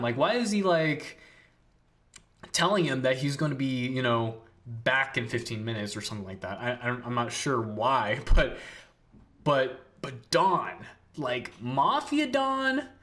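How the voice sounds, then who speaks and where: A man's voice: medium pitch, a bit bright. A young man narrating a history mystery video, reading his script and breaking off into giggly, rambling asides full of fillers.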